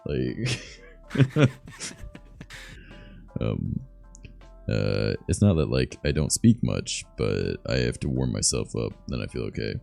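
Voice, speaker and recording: A young man from Canada with a deep voice, chatting loosely and softly on his stream, swearing as he goes. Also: sing-song, slow, gravelly, pauses often, faint music behind. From Southern Ontario, Canada. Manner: soft-spoken, loose and swearing. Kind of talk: casual stream chat.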